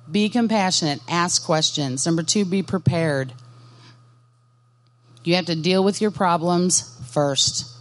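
Brief: woman, lowish voice, earnest and direct workshop speaker who questions the room. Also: takes it slowly, long pauses. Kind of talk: Christian ministry workshop talk. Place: conference workshop session.

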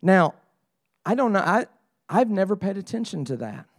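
Middle-aged male pastor, high voice, dry close sound, talky sermon delivery that builds to pleading. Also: very animated, moderate pace, no echo. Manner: conversational preaching, rising to emphatic pleading.

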